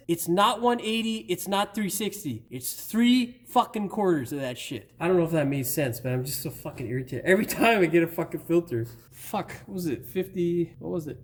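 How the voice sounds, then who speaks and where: A man's voice: high-pitched, lively intonation, moderate pace. A middle-aged man hosting a car repair channel, recording voice-over takes and cursing and laughing at himself as he flubs his lines. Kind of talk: blooper reel of voice-over takes.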